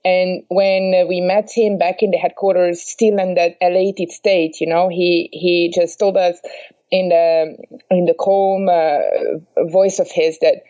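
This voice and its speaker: A woman who flies paragliders, a guest on a podcast, speaking in a measured, reflective way with pauses and fillers over a remote call. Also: fairly low pitch, fairly even intonation, dark tone, lo-fi sound. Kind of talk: conversational interview.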